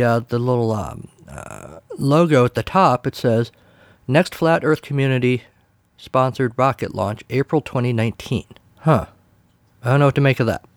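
A man's voice: mid-range voice, dry recording. A man hosting a podcast, talking casually in a wry, sarcastic way. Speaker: podcast host. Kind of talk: casual solo commentary.

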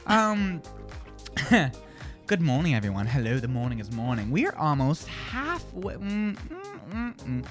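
A woman's voice: deep voice, sing-song, a little slow. Sassy radio lady roasting listeners, voice jumping all over, music playing under her. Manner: sassy, mocking, dismissive toward critics. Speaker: radio morning show co-host. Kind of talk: live morning radio banter.

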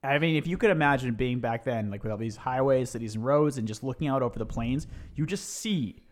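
A man's voice: mid-range voice, a little fast. A man co-hosting a casual podcast who chimes in with dry jokes. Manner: dry joking quips. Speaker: podcast co-host. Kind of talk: casual chat.

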